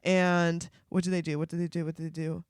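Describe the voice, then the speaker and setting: A woman's voice: on the low side, flat delivery, a little fast, a little mellow, clear, resonant tone, no room sound. Woman on a podcast, swears a lot, laughs, rambles, dry close sound. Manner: rambling, profane, laughs often. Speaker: podcast regular co-host. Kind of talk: casual podcast chat.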